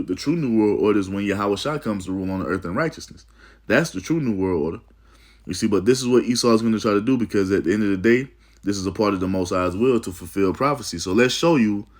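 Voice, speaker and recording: A man's voice: on the low side, darkish tone. A man preaching about prophecy, reading aloud from an article and breaking into emphatic asides, often repeating "you see" and "man.". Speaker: religious teacher.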